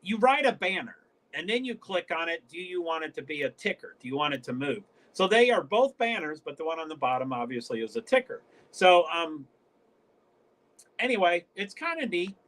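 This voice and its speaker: A man's voice: on the high side, very animated, normal speed, fairly bright tone. A man from the northeastern US hosting his own livestream, talking in a rambling, stop-start way and often cutting himself off mid-sentence. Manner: rambling, stop-start, frequent self-interruptions. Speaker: livestream host. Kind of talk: casual livestream chat.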